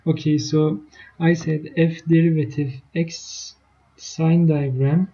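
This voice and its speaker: Dark-voiced woman teaching math. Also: low-pitched, fairly even intonation, slow. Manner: explains step by step, checks in with "right?" and "okay?". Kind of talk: live online lesson. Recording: dull lo-fi stream audio.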